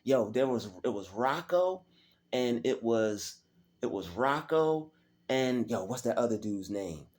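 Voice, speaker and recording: A man's voice: mid-range voice, lively intonation, a little slow, a little mellow. A man giving a loose, repetitive motivational talk in casual streetwise slang, preaching encouragement to his viewers. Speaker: motivational vlogger.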